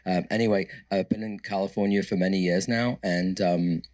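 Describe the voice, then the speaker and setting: A man's voice: low-pitched, fairly even intonation, moderate pace, darkish tone, no echo, low-quality recording. A man of about fifty introducing himself on a design panel, rambling a little as he talks. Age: 50s. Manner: rambling, hesitant with fillers. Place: conference panel room.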